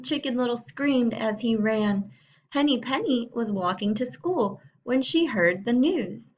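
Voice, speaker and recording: A woman teacher reading a storybook aloud to young students in a slow, clear way. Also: fairly high pitch, lively intonation, dull audio.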